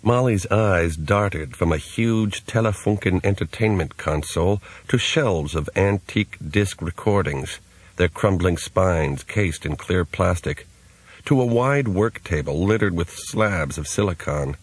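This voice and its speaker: A man narrating an audiobook in a measured, even way. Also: sits low, husky, dry recording. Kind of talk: scripted narration.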